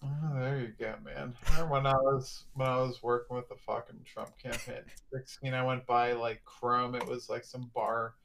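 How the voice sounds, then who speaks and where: A man's voice: mid-range voice, flat delivery, normal speed, creaky, few pauses, a bit bright, a little hiss or hum. A young man chatting casually, joking around and swearing. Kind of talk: casual chat.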